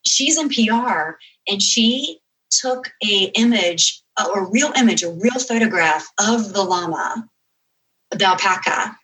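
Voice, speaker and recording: A woman guest chats through a long story with lots of energy. She rushes her asides and backtracks over details. Her pitch sits in the middle for a woman. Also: rough recording. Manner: animated storyteller, quick asides and self-corrections. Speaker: podcast guest, author. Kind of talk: casual interview chat.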